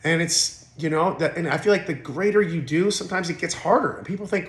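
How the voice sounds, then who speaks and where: A man's voice: fairly high pitch, fairly quick, hardly any pauses. A man in his forties talking candidly as an interview guest, blunt and emotional, with profanity and frequent restarts. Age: 40s. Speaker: podcast guest. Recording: roomy echo.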